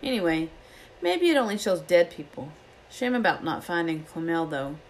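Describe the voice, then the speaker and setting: A woman voicing an eleven-year-old wizard boy who is eager and grumbly, in a high, quick boyish voice. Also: sing-song, a little hiss or hum, low-quality recording. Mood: casual.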